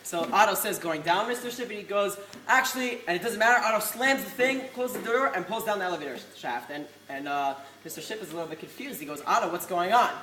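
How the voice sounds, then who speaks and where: This young yeshiva student talks fast with hardly any pauses, his high voice bright and forceful. At a study celebration he gives an earnest farewell speech, restarting often as he tells a story full of Hebrew study terms, in an echoey hall with a little noise.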